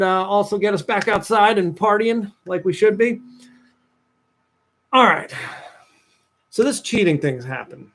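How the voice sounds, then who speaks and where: A young man, a dating coach talking to viewers on a livestream, telling a personal story with lively voiced-out asides. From New Jersey, USA. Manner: animated storytelling, acts out his past self in a higher voice.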